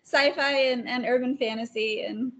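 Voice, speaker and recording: A woman guest talking casually about her favorite writers, chatty and quick to laugh. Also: fairly high pitch, fairly even intonation, fairly bright tone. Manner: chatty, laughs often, many fillers. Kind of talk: casual interview chat.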